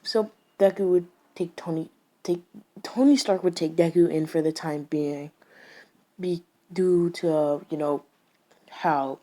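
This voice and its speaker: A woman's voice: on the low side, measured pace, warm tone. A woman improvising a casual story, rambling and hesitant with many restarts. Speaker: fan storyteller.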